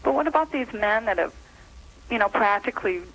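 A woman's voice: a little high, animated, brisk, fairly bright tone, poor audio. A woman from Minnesota calling in by phone, gushing and rambling, hesitating with many ums as she asks her question. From Minnesota, USA. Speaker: caller. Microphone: telephone line.

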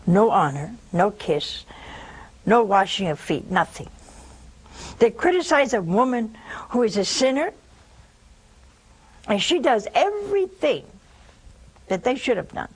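A woman delivers a broadcast sermon in an unhurried, slightly breathy voice. Her pitch rises and falls widely as she tells folksy, teasing stories to her listeners. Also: sing-song, poor audio. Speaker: preacher.

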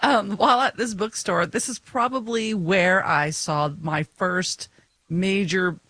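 A woman's voice: mid-range voice, takes it slowly, fairly bright tone, dry recording. A woman co-hosting a podcast in casual chat, talkative, self-mocking and laughing often. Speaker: podcast co-host.

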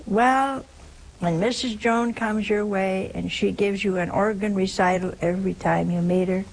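A woman's voice: mid-range voice, steady tone, moderate pace, gravelly, rough recording. A woman giving an informal sermon in a homey, humorous way, asking her listeners rhetorical questions. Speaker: religious speaker.

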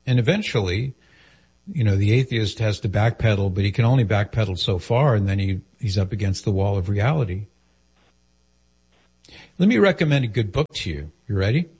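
A man's voice: on the low side, lively intonation, brisk, a little mellow, breathy edge. A man hosting a call-in radio show, patiently explaining and spelling things out for a caller.

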